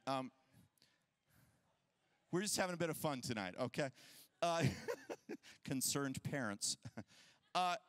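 Male pastor, 30s, animated sermon storyteller, bright tone, dry close sound. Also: mid-range voice, takes it slowly, long pauses, dry recording. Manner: animated, acts out quoted voices.

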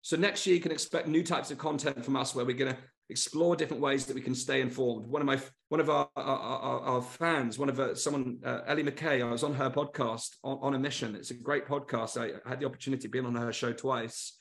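A man's voice: medium pitch, fairly even intonation, fairly quick, vocal fry, few pauses, fairly bright tone. A middle-aged man hosting a motivational webinar, speaking earnestly and stressing points through repeated short lists. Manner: earnest, repetitive emphatic lists. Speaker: webinar host.

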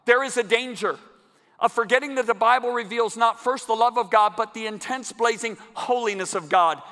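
A man preaching a sermon to a congregation in a large church, emphatic and building to loud climaxes. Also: very high-pitched, normal speed. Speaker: guest preacher. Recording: long church hall reverb.

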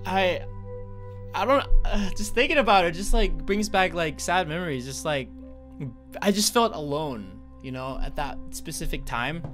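A young man from North Carolina giving let's-play commentary, earnest and halting, often stammering and restarting his sentences. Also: a little high, expressive, a bit bright, soft background music. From North Carolina, USA. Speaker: gaming YouTuber.

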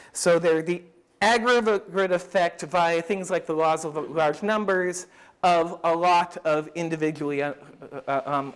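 A man's voice: fairly high pitch, clean tone. A man giving an academic lecture at a summer school, thinking aloud with frequent restarts and speeding through quoted passages.

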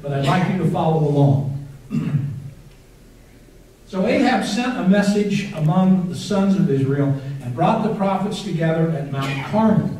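A man with a high voice preaches in a church, reading scripture with dramatic weight and stretching out the quoted lines. His voice rings through a very echoey sanctuary. He is picked up by a microphone some distance away. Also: warm tone. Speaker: pastor. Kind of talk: sermon reading scripture aloud.

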